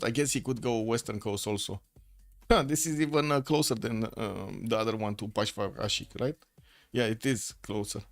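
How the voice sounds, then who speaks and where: A man giving live commentary on a strategy video game match, thinking aloud with many fillers and restarts. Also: medium pitch. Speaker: esports caster.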